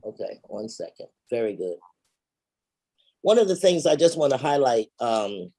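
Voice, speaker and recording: A woman giving a measured, explanatory presentation on funeral pre-planning over a video call. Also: deep voice, warm tone.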